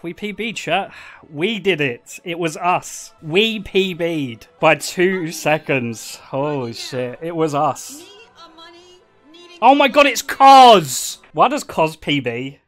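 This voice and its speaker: A young man commentating his own speedrun live, excitable and swearing a lot, swinging from low muttering to sudden shouts. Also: takes it slowly, faint music behind. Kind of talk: live gaming stream commentary.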